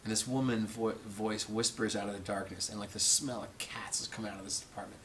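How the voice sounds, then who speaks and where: A man's voice: lowish voice, fairly quick, few pauses, noisy background. A man telling a funny story to a live audience, laughing and acting out the quotes. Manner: animated, laughing, acts out quotes. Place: stage before a live audience. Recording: loud audience laughter behind.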